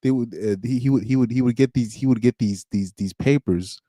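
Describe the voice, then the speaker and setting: A man doing a quick impression of a male rapper, stammering and repeating himself. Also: medium pitch, mellow, no echo, studio quality, natural voice. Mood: amused. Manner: halting, repeats words.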